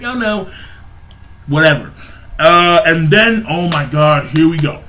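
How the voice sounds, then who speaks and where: A young man with a high, bright voice talks through a comic chapter in a loose, rambling way. He swears freely, bursts into exclamations and laughter, and keeps restarting his sentences as he builds up to his take. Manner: excitable, profane, laughs and exclaims often; rambling with many fillers and restarts. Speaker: manga chapter reviewer. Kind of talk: casual excited recap and commentary.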